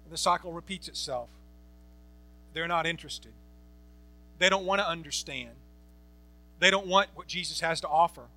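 A man's voice: on the high side, moderate pace, pauses often, sharp tone. A man preaching a Bible-teaching sermon, emphatic, repeating phrases and asking rhetorical questions. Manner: asks the congregation rhetorical questions.

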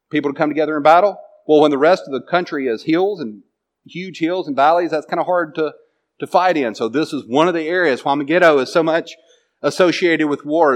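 A man teaching a Bible class from slides in a classroom, talking casually and quizzing his students with questions. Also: on the high side. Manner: conversational, asks the class questions.

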